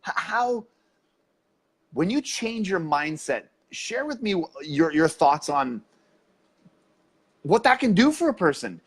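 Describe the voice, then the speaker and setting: A man hosting an interview, asking questions and offering steady, supportive agreement. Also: sits high, husky. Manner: supportive and affirming, with quick agreements. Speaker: interview host. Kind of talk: casual interview.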